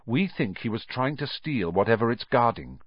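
A man's voice: mid-range voice, animated, normal speed, slightly rough, no room sound, lo-fi sound. Man doing eager schoolboy Harry Potter. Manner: eager, urgent. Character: eager young schoolboy wizard.

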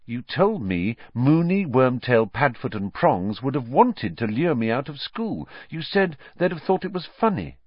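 A man's voice: sing-song, unhurried, few pauses, breathy edge, no echo. A man voicing an earnest, anxious teenage boy wizard who talks in urgent, pleading bursts. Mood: bitter. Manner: urgent, pleading, rising pitch. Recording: slightly dull lo-fi audio.

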